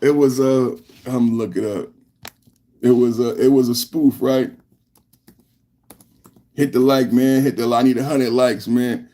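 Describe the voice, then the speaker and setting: A man's voice: medium pitch, steady tone, a little slow, pauses often, warm tone. A man hosting a live reaction podcast, ranting in a heated, repetitive way with lots of rhetorical questions. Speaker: podcast host.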